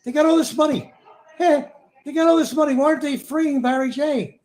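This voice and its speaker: A man doing a whiny, high-strung sitcom guy. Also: steady tone, moderate pace, a little mellow. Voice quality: whiny, strained.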